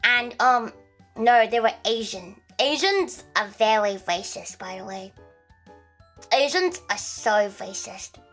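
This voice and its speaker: A young woman with an Australian accent chats on her livestream, rambling with fillers and giggles. Her voice sits a little high and swings widely in pitch. Light music plays faintly behind her. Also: expressive, slow, fairly bright tone. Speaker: streamer. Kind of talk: casual livestream chat.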